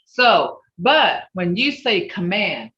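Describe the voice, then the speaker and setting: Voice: medium pitch, big pitch swings, slow, bright, forceful tone. A language teacher giving an online class, sounding out syllables one by one and often checking in with "okay?". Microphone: video call. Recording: roomy, dull video call audio.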